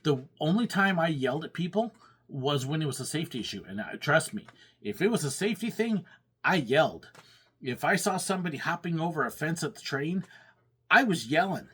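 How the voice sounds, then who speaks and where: A man's voice: on the high side, lively intonation, fairly quick, a bit bright, breathy edge. A man who once worked as a pastor and at theme parks, telling stories casually with frequent laughs and acted-out complaints. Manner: chatty, laughs often, acts out quoted complaints. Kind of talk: casual storytelling monologue.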